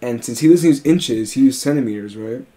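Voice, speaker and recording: A young man co-hosts a casual podcast chat and tells a long story with animated, profane energy. His voice sits at an ordinary middle pitch. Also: a little fast. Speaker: podcast co-host.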